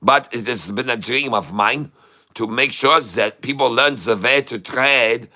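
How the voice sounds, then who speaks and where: Older guy on a trading livestream, folksy jokey chat, bright voice. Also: mid-range voice, moderate pace. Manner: chatty, jokey, laughs often, folksy. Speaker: livestream host, day trader. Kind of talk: casual live-stream chat, reading comments.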